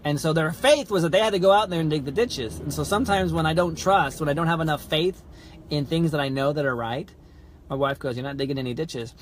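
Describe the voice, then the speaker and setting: A young adult man hosts a podcast and tells a story casually, acting out the quoted dialogue with animation and lots of fillers. His voice is a little high and he talks fast, with slight noise in the background.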